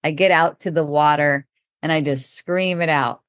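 Middle-aged woman, low voice, casual storytelling, laughs often, dry close sound. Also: normal speed, no room sound. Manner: relaxed, laughing often, acting out quoted talk. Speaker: podcast speaker.

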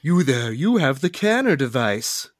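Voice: mid-range voice, sing-song, unhurried, no echo, clean studio sound. A podcaster voicing a breezy official from the future who talks in casual slang.

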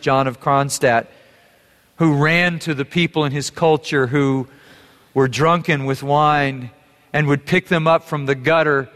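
A man's voice: mid-range voice, fairly bright tone. A man preaching a sermon as pastor, earnest and building to fervent emphasis. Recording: long hall reverb.

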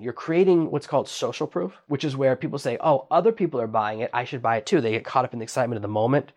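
A man teaching online selling at a quick clip. He keeps it chatty and conversational, and he lifts his voice to act out what customers and sellers say. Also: mid-range voice, a little mellow. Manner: quick, chatty, acts out quoted lines in a raised voice. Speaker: online business instructor. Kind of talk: teaching monologue.

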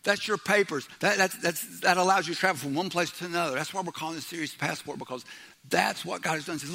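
Loud, bright-voiced preaching man. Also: a little high, quick pace, gravelly. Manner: loud, animated and joking. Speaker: pastor. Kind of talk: sermon.

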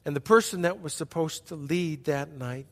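A middle-aged male pastor preaching a sermon as a story, emphatic and repetitive, dropping to hushed passages between bursts. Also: on the high side, moderate pace. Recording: long hall reverb.

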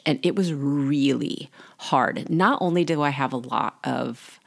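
A woman in her forties hosts a solo podcast, telling a personal story. Her voice sits low for a woman and has a gravelly, frayed edge to it. She talks in a candid, chatty way. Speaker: podcast host and life coach.

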